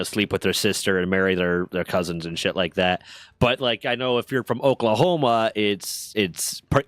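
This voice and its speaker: A man's voice: on the low side, a bit bright, dry recording. A man from the United States chatting casually on a stream, joking crudely and swearing freely. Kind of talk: casual chat.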